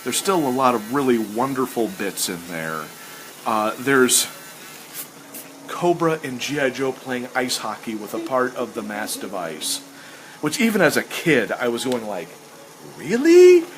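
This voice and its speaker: A man chats casually as host in a rambling, enthusiastic way, his voice sitting at an ordinary middle pitch. He keeps acting out the lines he quotes. A faint hiss stays behind him. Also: expressive, a little slow, a bit bright, low-quality recording. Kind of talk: casual chat while sketching.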